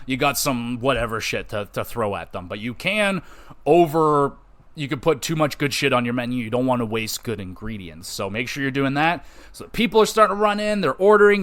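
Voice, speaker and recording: A man's voice: mid-range voice, a bit bright. A man hosting a podcast, giving a loose, rambling spoken game review with casual swearing and lots of fillers.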